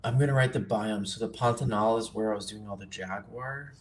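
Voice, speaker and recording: On a livestream, a man casually teaches nature journaling, staying relaxed and chatty and tossing in self-deprecating asides. His voice is on the low side and fairly quick.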